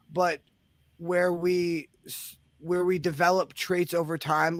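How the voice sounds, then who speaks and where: A man's voice: a little high, fairly bright tone, dry recording. A young man hosting a casual chat, rambling with lots of restarts and casual swearing. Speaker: host.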